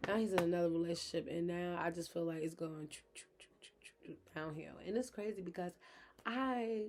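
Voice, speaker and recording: Candid mother vlogging, with a gravelly voice. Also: fairly low pitch, fairly quick, a little mellow. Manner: frank, chatty, addresses viewers directly. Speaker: vlogger, mother of her kids. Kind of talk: candid personal vlog talk.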